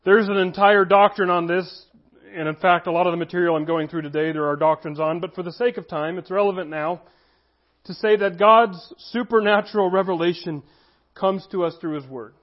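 A man preaching a sermon as pastor, earnest, slowing down to stress key phrases. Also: high-pitched, fairly even intonation, highs cut off.

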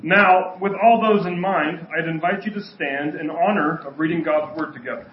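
A man's voice: on the high side, moderate pace, slight background noise. A man preaching a sermon to his congregation as their pastor, in a conversational, joking way. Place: church sanctuary. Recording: echoey, dull church recording.

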